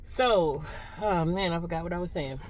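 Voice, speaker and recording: A middle-aged woman chatting casually in a vlog, nonchalant and talkative, dropping into hushed asides and then speaking up again, recorded on a phone while riding a bus. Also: lowish voice, moderate pace, poor audio. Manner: nonchalant, chatty, drifts between hushed asides and louder telling. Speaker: vlogger.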